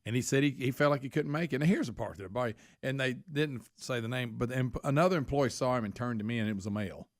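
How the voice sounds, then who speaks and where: A man's voice: mid-range voice, quick pace, hardly any pauses, dry recording, studio quality. A man co-hosting a radio show, retelling a news story in a chatty way full of asides. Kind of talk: casual radio banter, reading news stories.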